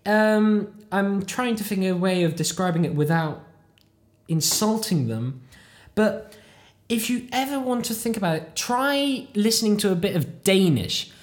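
With lively intonation and an unhurried, medium-pitched voice, this UK podcaster with a British accent drifts between tangents in a relaxed monologue. They poke fun at themselves, swear casually, and are learning a language.

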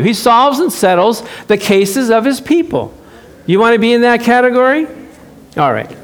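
A man's voice: extremely high pitch, normal speed, some chatter behind. A male pastor preaching a sermon in a church, telling stories and acting out quotes with laughs. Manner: animated storytelling, acts out quotes, laughs often.

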